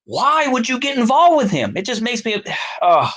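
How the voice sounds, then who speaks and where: A man's voice: extremely high pitch, huge pitch swings, normal speed, a bit bright. A man with a Texan accent, ranting to camera as a political commentator, profane and exasperated, with sarcastic asides. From Texas. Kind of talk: solo rant to camera.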